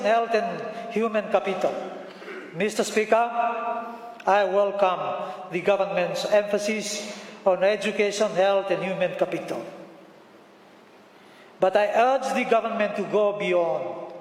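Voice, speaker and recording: Solomon islands guy giving a parliament speech, kinda high voice, reverb from the big hall. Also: measured pace, long pauses. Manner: formal, lists points one by one. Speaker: member of parliament. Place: parliament chamber. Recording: echoey hall.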